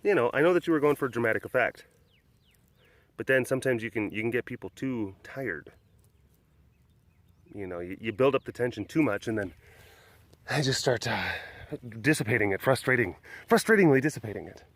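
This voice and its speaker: At a big cat sanctuary outdoors, a man vlogs casually to the camera and to tigers, teasing playfully and slipping into baby talk with the cats. His voice is medium-pitched with lively intonation, brisk, with frequent pauses and no room sound.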